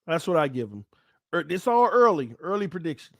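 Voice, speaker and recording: A man hosting his own sports fan channel, giving casual commentary to viewers in a playful, excitable way. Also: on the high side, fairly quick, no echo, studio quality. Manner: playful, excitable, swings between calm and shouting.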